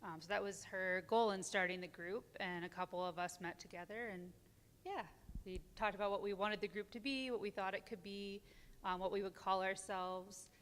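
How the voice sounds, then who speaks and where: Clear-voiced hesitant woman, hall reverb. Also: medium pitch, fairly even intonation, normal speed, a bit bright. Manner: hesitant, many ums, nervous laughs. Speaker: community group organizer, guest. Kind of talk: casual on-stage interview. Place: church sanctuary.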